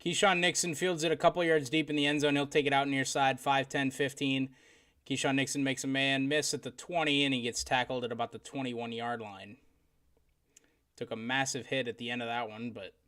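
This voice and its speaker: A man's voice: mid-range voice, fairly bright tone. A man commentating a live football game on his stream, calling plays and ranting in exasperation at his team's mistakes. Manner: exasperated ranting with bursts of sarcasm. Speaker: sports streamer.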